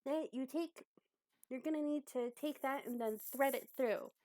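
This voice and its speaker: Brief: woman doing a patient, helpful tiny tailor in a tabletop game, upbeat and a little high. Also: unhurried, mellow, no room sound, clean studio sound. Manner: eager, chatty, patient teacher.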